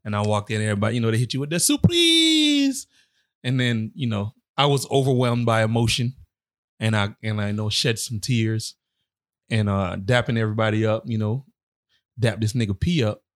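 A man's voice: on the low side, steady tone, fairly quick. A man in his forties chatting casually as a co-host, teasing and laughing often. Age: 40s. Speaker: podcast co-host. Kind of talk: casual chat.

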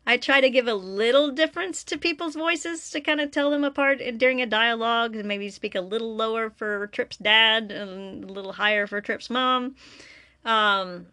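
A woman's voice: on the high side, normal speed, sharp tone, dry recording, studio quality. A woman hosting her own podcast alone in a room, chatting casually and laughing at herself. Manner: chatty, self-deprecating, laughs often. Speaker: podcast host and story reader. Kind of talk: casual solo podcast chat.

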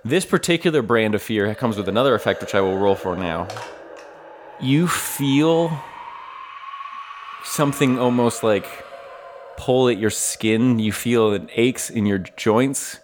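A man's voice: medium pitch, lively intonation, a little slow, background noise. A man running a tabletop game as game master, narrating loosely with fillers and laughs.

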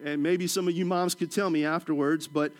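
A middle-aged man from Washington, D.C., preaching a sermon, telling stories with humorous asides and dropping to a soft, low voice for emphasis. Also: fairly even intonation, brisk. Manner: storytelling with humorous asides and chuckles.

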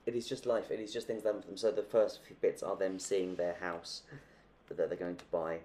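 Low-voiced man chatting about books. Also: level tone, a little fast, mellow. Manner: chatty, acts out quoted characters. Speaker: podcast co-host. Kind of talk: casual book chat.

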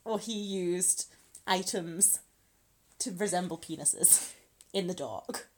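Her voice sits fairly low and a little mellow, and she speaks slowly. Co-hosting a podcast, this woman who lives in Scotland shares a true crime story in a chatty way, swearing without restraint and laughing often.

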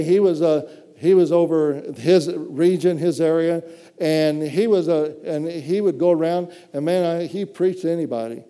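A man's voice: a little high, dark tone, big-room sound. A man preaching a sermon with fervent, frequent cries of praise between phrases.

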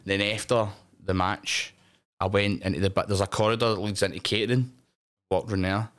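Scottish guy, deeper voice, tells stories loud and lively, swears a lot. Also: normal speed, clean tone. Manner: animated, swears freely, acts out voices in anecdotes. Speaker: wrestling promotion owner, podcast guest. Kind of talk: casual storytelling chat.

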